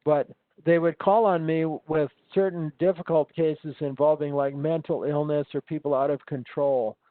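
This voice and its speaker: A man with a slightly raised pitch talks casually over a tinny, phone-like call. He rambles through his stories, full of ums and false starts. The sound is dry and close, with no room around it. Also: steady tone, moderate pace, no echo. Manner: rambling storyteller, many ums and restarts. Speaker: instructor. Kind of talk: casual conversation.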